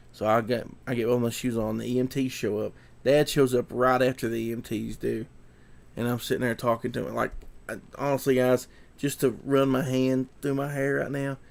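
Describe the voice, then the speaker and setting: A man's voice: mid-range voice, vocal fry. A young man telling a story to camera, rambling and repeating himself and sounding shaken. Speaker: vlogger.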